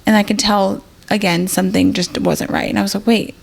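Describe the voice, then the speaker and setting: A woman's voice: medium pitch, little pitch movement, fairly quick, vocal fry. A woman, an emergency nurse, telling a personal story as a podcast guest in a casual, rambling way, acting out what people said. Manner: rambling, full of fillers and acted-out quotes.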